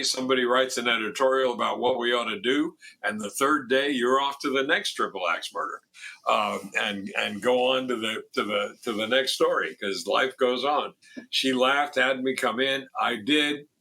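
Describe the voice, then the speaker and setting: Older man telling a lively story. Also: medium pitch. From Miami. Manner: animated storyteller, quotes others in raised voice, frequent restarts. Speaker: former foundation president, guest. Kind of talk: storytelling in a radio interview.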